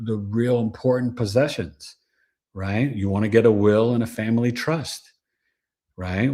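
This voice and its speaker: Emphatic, slangy male astrologer host. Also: fairly low pitch. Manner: animated, preachy, slangy and emphatic. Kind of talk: casual livestream advice talk.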